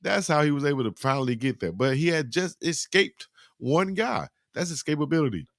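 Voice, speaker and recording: A man hosting a live football highlight reaction, giving animated, slangy play-by-play and talking to his chat. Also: brisk, dry recording, clean studio sound. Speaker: sports reaction host.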